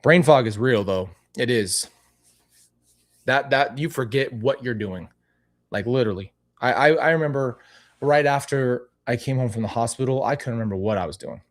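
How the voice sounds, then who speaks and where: Male channel host, casual livestream chat, rambling and animated. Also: medium pitch, normal speed.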